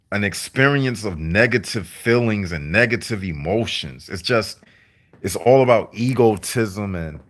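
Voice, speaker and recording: A man delivering a deliberate, repetitive, preachy monologue to his viewers on a livestream. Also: on the low side, fairly bright tone. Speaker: vlogger.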